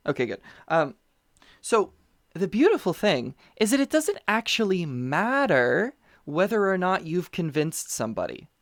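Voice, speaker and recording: A person chatting casually over a remote call, telling animated stories with many fillers and restarts. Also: mid-range voice, unhurried, dry recording, studio quality. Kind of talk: casual conversational chat. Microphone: remote call mic.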